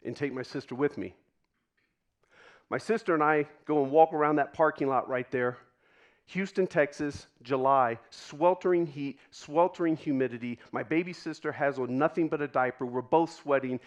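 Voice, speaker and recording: Man telling a personal story onstage. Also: fairly high pitch. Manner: dramatic pauses, drops to a hush for quoted moments. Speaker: keynote speaker. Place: stage before a live audience.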